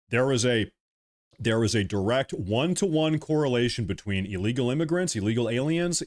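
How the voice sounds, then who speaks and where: A man's voice: medium pitch, no echo, studio quality. A man hosting a livestream, ranting bluntly and repetitively, worn out and exasperated. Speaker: livestream host. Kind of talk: ranting live commentary.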